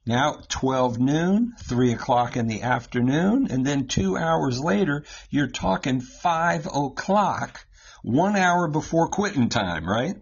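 Husky-voiced male Bible teacher, easygoing and step by step; dull, lo-fi sound. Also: a little high, expressive, takes it slowly. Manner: explains step by step, keeps asking "right?". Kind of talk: conversational scripture teaching.

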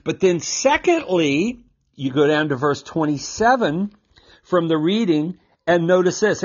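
A man with a husky, breathy edge to his voice, teaching scripture in an easy conversational way. He jumps into quoted lines with sudden lively energy and chuckles along as he goes. The recording sounds a little muffled and lo-fi. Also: on the high side, unhurried. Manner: animated, acts out quotes, chuckles often. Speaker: Bible teacher.

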